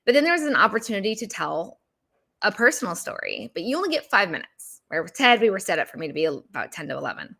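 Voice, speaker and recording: A woman with a bright, crisp voice tells her own story as a business coach. She is animated and slips into the voices of her past conversations as she retells them. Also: mid-range voice, fast talker. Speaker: business coach and podcast host. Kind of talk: personal storytelling monologue.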